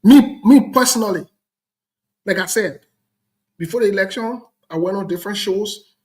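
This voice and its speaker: A man's voice: high-pitched, moderate pace, darkish tone, poor audio. A man with a Liberian English accent hosting a talk show, giving heated political commentary in an emphatic, repetitive, lecturing way.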